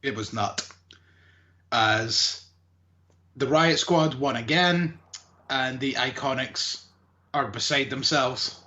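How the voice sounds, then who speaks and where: A man's voice: medium pitch, takes it slowly, pauses often, pushed and bright, muffled recording. A man co-hosting a wrestling podcast, recapping matches in a casual, rambling way with lots of fillers. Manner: rambling, hesitant with many fillers.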